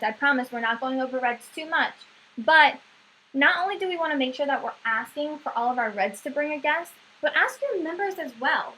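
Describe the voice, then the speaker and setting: A woman's voice: sits high, sharp tone, a little hiss or hum, low-quality recording. A woman giving a staff sales training talk, coaching and often checking in with "right?".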